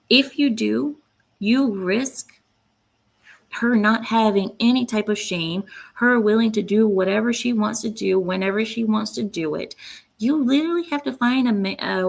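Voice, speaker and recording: Gravelly and mid-range, this woman's voice drives the indignant, straight-talking commentary on her own channel. She regularly interrupts herself to read quotes aloud.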